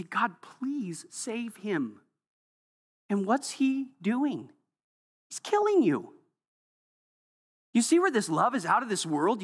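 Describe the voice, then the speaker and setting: A pastor preaching a sermon in a church sanctuary, the voice trailing off into a long hall reverb. The delivery is emphatic, dropping to near-whispers and then rising sharply. The voice sits at a middling pitch. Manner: emphatic, swings between soft and loud.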